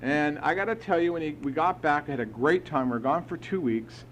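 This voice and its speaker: A man's voice: fairly high pitch, a little fast. A middle-aged man speaks in a slightly raised voice at a live meeting hall, telling his recovery story through a podium mic. His delivery is frank and emphatic, with blunt language. A faint hiss sits under the talk.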